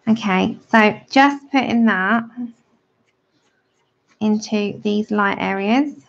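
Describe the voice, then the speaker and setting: A woman's voice: mid-range voice, slow pace. A woman giving a chatty, friendly drawing tutorial on a livestream. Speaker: art tutor. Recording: dull lo-fi livestream audio.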